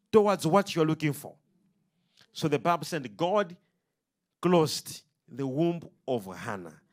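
A man preaching a sermon, emphatic and rhythmic, throwing questions out to his congregation. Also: high voice.

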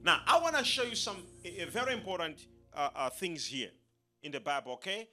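A man preaching a sermon, emphatic and animated, leading the congregation in call-and-response. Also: high-pitched, fairly quick, faint music behind. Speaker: pastor.

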